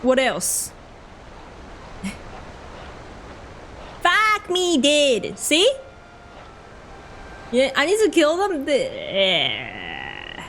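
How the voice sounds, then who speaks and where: A woman's voice: fairly high pitch, wildly swooping pitch, extremely slow, gravelly, pauses often, fairly bright tone, a little hiss or hum. A young Australian woman with an Australian accent, chatting casually with her viewers while she plays a game on stream. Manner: chatty, answering chat while playing. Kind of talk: casual gameplay commentary.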